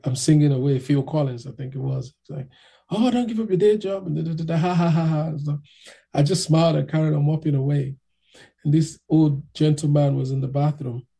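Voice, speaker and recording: A man casually telling an animated anecdote in an interview, acting out the voices of the people in it. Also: on the high side, gravelly, husky. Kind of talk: casual storytelling.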